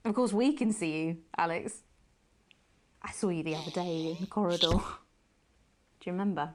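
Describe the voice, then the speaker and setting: A woman playing a posh-accented female news anchor who is unhinged and obsessive, with a breathy, confessional delivery in a video game. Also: fairly low pitch, moderate pace, close to an everyday voice. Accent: posh English put on. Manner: breathy confessional, trailing into hushed whispers.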